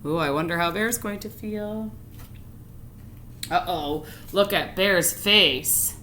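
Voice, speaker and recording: A woman reading a picture book aloud to children, pausing to ask them questions in an animated way. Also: on the low side, a little hiss or hum. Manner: animated, asks listeners questions. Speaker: read-aloud teacher. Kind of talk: storytime read-aloud for children.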